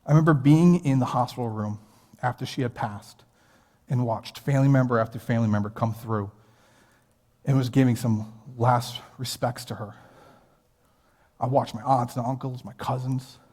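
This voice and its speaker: With a warm, medium-pitched voice, an American man in his thirties preaches at a moderate pace, leaving long pauses. He's a pastor earnestly telling a personal story in a conversational way, recorded with long hall reverb in a church sanctuary.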